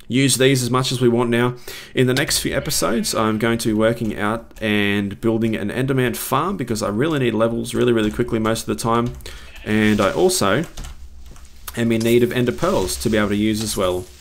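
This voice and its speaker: A man's voice: mid-range voice, creaky, a little hiss or hum. A man commentating his own gameplay live, swinging between panic and cheering. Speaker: gaming video creator.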